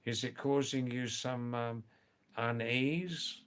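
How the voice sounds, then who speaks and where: A man's voice: mid-range voice, steady tone, takes it slowly, a bit bright. An older man hosting a casual livestream, chatting with viewers by name, teasing and repeating words for emphasis. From England and Australia. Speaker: livestream host. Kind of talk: casual live chat reading viewer messages.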